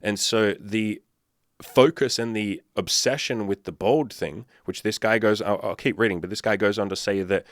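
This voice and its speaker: Aussie-sounding guy, lowish voice, blunt and sweary, dry close sound. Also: moderate pace, no room sound. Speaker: dating coach. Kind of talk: casual commentary to camera.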